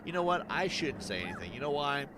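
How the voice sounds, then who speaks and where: Male gaming streamer, sarcastic running commentary, very lively pitch, audible background noise. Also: fast. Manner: excitable, sarcastic, swears, laughs often. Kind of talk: casual gameplay commentary.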